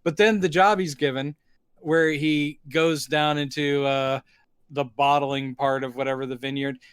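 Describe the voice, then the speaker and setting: Smooth-voiced man co-hosting a film chat. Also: fairly high pitch, fairly even intonation, a little slow, fairly bright tone, no echo, studio quality. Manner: retells plot scenes by voicing the characters' lines. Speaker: podcast co-host. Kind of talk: casual film review chat.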